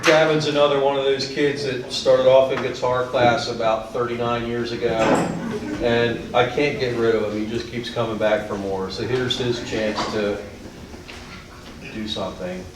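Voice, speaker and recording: A man's voice: medium pitch, level tone, normal speed. A man introducing the next act as emcee, teasing the performer. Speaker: emcee and guitar teacher. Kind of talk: stage announcing. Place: school auditorium. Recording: roomy hall, distant, noisy.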